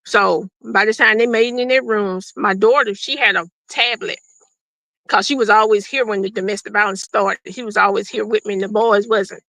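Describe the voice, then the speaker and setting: A woman's voice: medium pitch, fairly even intonation, moderate pace, vocal fry, fairly bright tone, no room sound, rough recording. A middle-aged woman, a guest telling her own survival story in plain, unscripted talk and acting out what people said. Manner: plain-spoken, acts out quoted dialogue.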